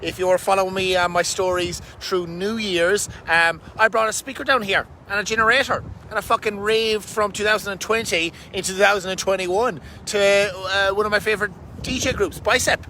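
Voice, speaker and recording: A man talking fast and energetically as a fitness coach, swearing casually, in a casual vlog recorded outdoors under a bridge. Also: sits high, fairly even intonation, pushed and bright, poor audio. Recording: outdoor wind and traffic noise.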